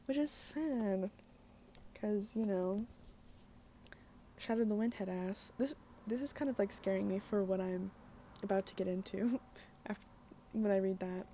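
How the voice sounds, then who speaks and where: A woman giving a casual daily book vlog in a mellow, relaxed voice. She talks candidly, with plenty of fillers and the odd swear word. Faint background noise sits under her voice. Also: mid-range voice, unhurried, pauses often. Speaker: book vlogger.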